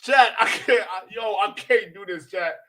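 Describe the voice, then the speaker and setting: A man's voice: high voice, normal speed, bright, forceful tone. A man hosting a live reaction stream, laughing uncontrollably and stammering as he talks to his chat. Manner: laughing uncontrollably, breaking into shrieks; stammering, repeating himself. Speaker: livestream reaction host.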